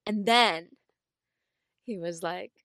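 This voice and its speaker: A young woman co-hosting a podcast, telling a story in a casual, animated way with lots of filler words and laughter. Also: mid-range voice, takes it slowly, no echo, studio quality. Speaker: podcast co-host.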